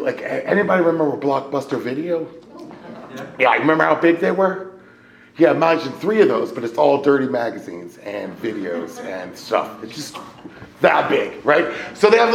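Man, gravelly voice, personal testimony, animated, jumps between loud and hushed, roomy echo. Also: a little high. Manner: animated storyteller, swings from loud excitement to hushed near-whispers. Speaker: speaker sharing his recovery story. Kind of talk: personal testimony told to a live audience. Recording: echoey room.

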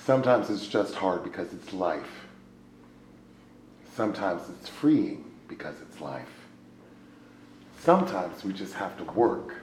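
A man giving a personal testimony as a speaker at a recovery meeting. He tells his story with animated swings between loud exclaiming and a hushed murmur, and keeps checking in with "right?". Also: low-pitched, measured pace, long pauses. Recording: echoey room with faint ambient noise.

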